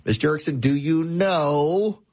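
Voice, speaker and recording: A man's voice: fairly high pitch, a little slow, darkish tone, voice pushed up. A man voicing a stern, exasperated male law professor who interrogates a student with clipped questions. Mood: interrogating.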